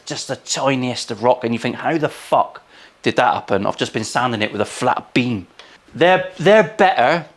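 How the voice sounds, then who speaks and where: Cheeky, sweary luthier in his forties. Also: mid-range voice. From England. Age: 40s. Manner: cheeky, sweary, crude asides. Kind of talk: casual workshop commentary. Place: guitar workshop.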